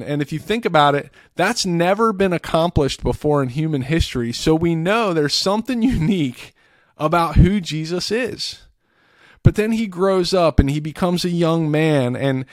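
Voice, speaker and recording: In a faith-focused podcast, a man recounts a story from scripture with earnest, casual delivery, frequently restarting and repeating words. The slightly high voice is captured at studio quality without any room sound.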